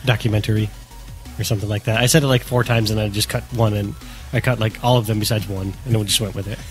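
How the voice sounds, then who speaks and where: A man's voice: lowish voice, fairly even intonation, very fast, soft background music. A young man from New York State hosting a casual podcast, earnestly and enthusiastically recommending movies. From New York State, outside the city. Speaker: podcast host. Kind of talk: casual chat.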